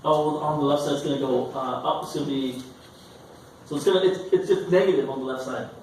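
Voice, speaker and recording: A man who is a student, giving quick and hesitant answers in class. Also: medium pitch, fairly even intonation, a little mellow, a little hiss or hum. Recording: echoey classroom from a distance.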